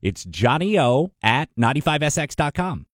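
A man's voice: fairly high pitch, sing-song, moderate pace, a crowd in the background. A male radio station announcer reading friendly, salesy promos in a close studio sound. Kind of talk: upbeat radio promo read.

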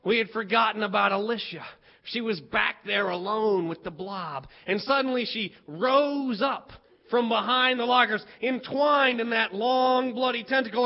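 A man with a very high voice performs a story with lively, dramatic build-ups. He breaks into shouts at the tense moments. The recording sounds dull and lo-fi.

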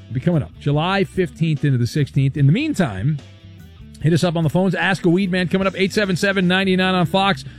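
A man hosting a talk radio show, brisk and wisecracking, reading out listener questions. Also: high-pitched, soft background music. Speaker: radio host.

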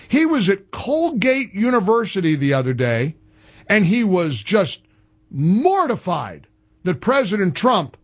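A man's voice: high voice, breathy edge. A man hosting a talk show, delivering sarcastic, mocking political commentary. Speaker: radio talk show host.

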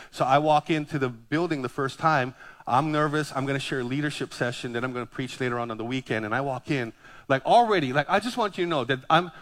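This male pastor, in his fifties and from Hawaii, has a voice on the high side. He preaches a sermon full of personal stories, telling them with animated humor at his own expense.

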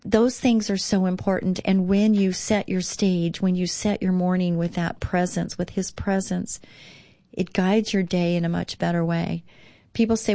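A woman hosting a devotional radio talk show, speaking earnestly and slowly reading passages. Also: fairly low pitch, fairly even intonation, mellow, dry recording.

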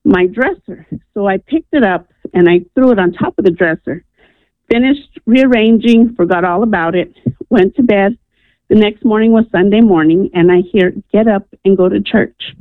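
A woman's voice: medium pitch, no room sound. Woman caller telling her story over a tinny phone line. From New Mexico, USA. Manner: earnest, animated storyteller acting out voices. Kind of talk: personal story told on a call-in show.

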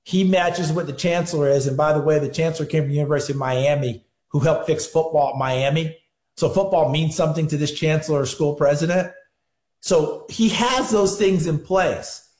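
Male football analyst, slightly higher voice, emphatic storyteller, roomy echoey line. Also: fairly quick, darkish tone. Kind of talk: sports radio interview.

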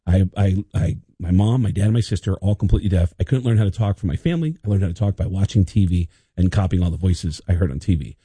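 A man, a guest comedian, telling an animated comic story on the radio, slipping into impressions. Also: sits low, fast, few pauses, breathy edge, no room sound.

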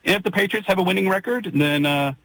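A man's voice: high-pitched, quick pace, fairly bright tone, low-quality recording. A man from Arkansas calling in to sports radio, speaking hesitantly and restarting his sentences as he proposes a bet. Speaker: caller.

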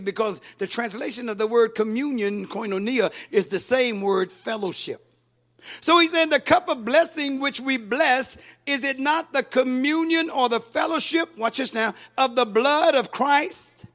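Fervent high-voiced male preacher. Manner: fervent, rises to shouts and sing-song cadences. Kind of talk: sermon.

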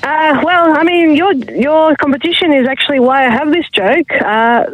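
A woman's voice: sits high, normal speed, narrow, tinny audio, faint music behind. A woman calling a radio show to share a short joke in a friendly way. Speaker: caller. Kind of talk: telling a joke on the phone.

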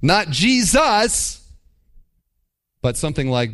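A man's voice: fairly high pitch, very animated, measured pace. A man preaching a sermon as pastor, with wry mimicking asides.

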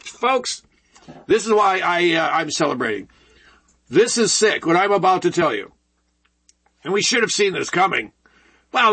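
Bright husky-voiced man on radio. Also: high voice, low-quality recording. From Detroit. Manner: sarcastic, rambling, with asides and laughs. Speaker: radio talk show host. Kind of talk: opinionated radio monologue.

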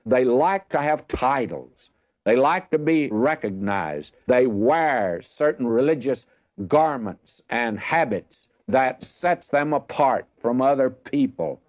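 A man delivers a verse-by-verse Bible teaching in an earnest, emphatic manner, often turning to address his listeners directly. His voice sits at an ordinary middle pitch. The recording is dry and dull, with a muffled lo-fi tone. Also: expressive, slow pace, no echo.

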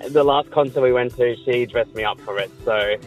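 Relaxed man calling in. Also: mid-range voice, a little fast, faint music behind, low-quality recording. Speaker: caller. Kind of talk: radio call-in.

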